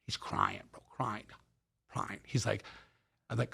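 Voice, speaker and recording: Taking it slowly with frequent pauses, a middle-aged podcast guest speaks in a low, creaky voice with a breathy edge. He still tells his candid story animatedly, swearing, using slang, and acting out what people said.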